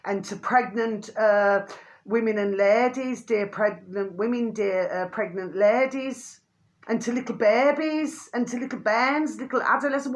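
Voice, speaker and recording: Rambling woman vlogging to viewers. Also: measured pace. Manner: rambling, keeps calling viewers "my delicious little babies"; mild euphemistic swearing, pitch climbs when indignant. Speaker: channel host. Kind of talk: rambling vlog monologue to viewers.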